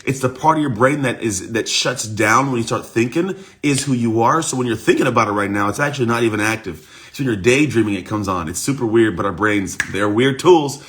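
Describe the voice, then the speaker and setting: A man coach giving an energetic motivational talk on a livestream, his voice rough from the morning. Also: mid-range voice, a little fast, hardly any pauses. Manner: energetic, repetitive, talks straight to viewers. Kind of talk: live-streamed motivational talk.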